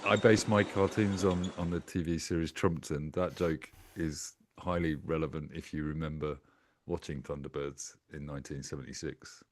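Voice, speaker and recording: A man's voice: extremely low pitch, steady tone, moderate pace. An older man with grandchildren, joining a casual livestream chat with dry, teasing remarks. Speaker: cartoonist guest.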